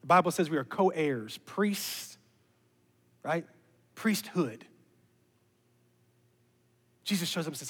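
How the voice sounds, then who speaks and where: A man preaching a sermon as pastor, animated and building to emphatic peaks. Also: fairly high pitch, slow pace, long pauses, breathy edge. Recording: reverberant hall with music underneath.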